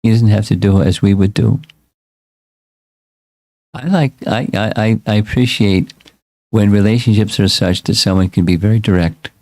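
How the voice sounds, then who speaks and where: Guy teaching a scripture class, lowish voice, thinks aloud and repeats words, dry room. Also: moderate pace, pauses often, a little mellow, no echo. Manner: reflective, repeats words, frequent restarts. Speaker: spiritual teacher reading scripture.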